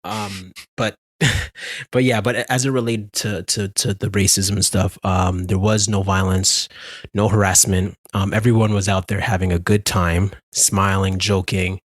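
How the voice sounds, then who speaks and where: A man co-hosting a podcast, telling a story in animated casual chat, laughing often and restarting his sentences. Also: low voice, a little slow, dry recording. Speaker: podcast co-host.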